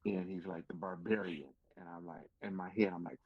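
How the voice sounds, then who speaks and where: A man's voice: deep voice, normal speed, breathy edge, dry recording. A man, a pro wrestler guest on a podcast, telling stories animatedly and acting out what people said, with casual swearing. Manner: animated storyteller who acts out quotes, swears casually. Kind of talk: casual storytelling interview. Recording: slightly dull lo-fi podcast audio.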